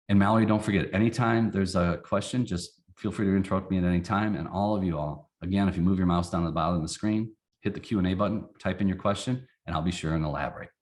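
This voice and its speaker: Low-voiced man teaching a webinar. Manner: folksy, animated explainer acting out examples. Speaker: company CEO presenting a webinar. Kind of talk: casual training webinar.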